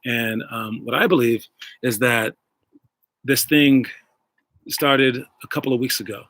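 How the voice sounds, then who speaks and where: A man's voice: medium pitch, fairly even intonation, measured pace, fairly bright tone, no room sound. Rambling casual male coach. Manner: rambling, filler-heavy, addresses viewers directly. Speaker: basketball coach and show host. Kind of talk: casual livestream talk and coaching. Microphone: wireless earbuds.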